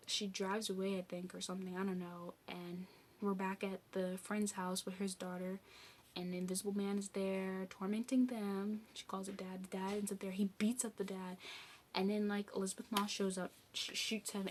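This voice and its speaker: Casting: young adult woman, movie-review vlogger, mid-range voice, rambling chatty recap, faint background noise. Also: medium pitch. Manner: rambling, chatty, heavy use of "like" and "um". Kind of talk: casual spoken movie recap.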